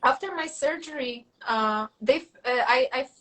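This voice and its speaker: A woman telling stories in a casual interview, animated and full of fillers and restarts, acting out quoted dialogue. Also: sits high, normal speed, poor audio. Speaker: guest.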